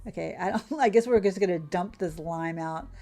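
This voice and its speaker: A woman's voice: lowish voice, dark tone. Chatty woman narrating gameplay. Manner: chatty and exclamatory, quick laughs. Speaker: gaming channel host. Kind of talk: casual gameplay commentary.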